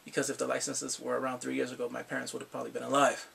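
A man's voice: medium pitch, monotone, racing, gravelly, fairly bright tone, recorded from a distance, slight background noise. A man casually recapping and reviewing a TV episode, laughing often and acting out characters' lines.

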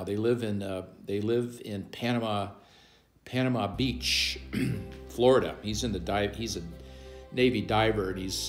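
A man in his sixties gives a casual, rambling birthday greeting with many ums and pauses. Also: lowish voice. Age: 60s. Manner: rambling, hesitant, with many fillers. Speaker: old neighbor sending a birthday message.

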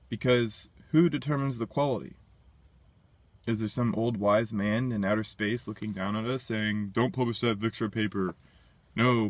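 A man's voice: mid-range voice, no room sound. A man talking alone in a casual monologue, blunt and dismissive, thinking aloud and restarting his sentences. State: burping. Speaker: independent science commentator.

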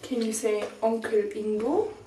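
A woman's voice: fairly high pitch, lively intonation, a little slow, dark tone, distant mic, a little hiss or hum. A woman talking to her toddler in the bath, patiently prompting the child to repeat words. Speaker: parent. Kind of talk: home video chat with a toddler. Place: tiled bathroom. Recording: echoey bathroom, off-mic.

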